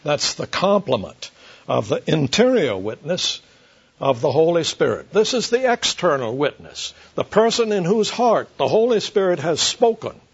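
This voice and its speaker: A man preaching an expository sermon to a congregation, slow and deliberate, emphatic, with light asides to his listeners. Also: on the high side, very animated, creaky, slightly rough. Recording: dull lo-fi sermon recording.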